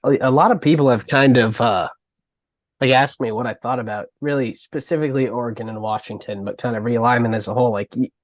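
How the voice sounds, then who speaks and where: A man's voice: medium pitch, fast, dry recording. A man co-hosting a sports podcast, speaking casually and a bit hesitantly, with many "like" and "um" fillers. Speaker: podcast co-host.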